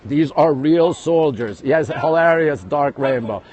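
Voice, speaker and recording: A man with a New York accent, hosting a live walking tour on his phone, talking quickly and greeting viewers all the time. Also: on the high side, darkish tone, dull audio. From United States. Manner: rapid-fire, greeting viewers constantly. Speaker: livestream host. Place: outdoors at a busy historic site. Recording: faint outdoor city noise.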